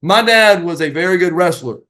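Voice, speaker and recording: A middle-aged man, a retired wrestler and podcast guest, telling stories in a casual, animated way, acting out the voices of the people in them. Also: high-pitched, a little fast. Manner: animated anecdotes, acting out quoted voices, many restarts. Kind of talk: casual storytelling.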